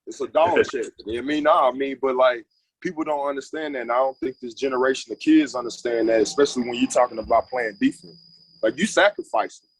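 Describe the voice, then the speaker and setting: A man's voice: medium pitch, steady tone, quick pace, breathy edge, rough recording. A former linebacker in a roundtable chat, agreeing and repeating his points for emphasis.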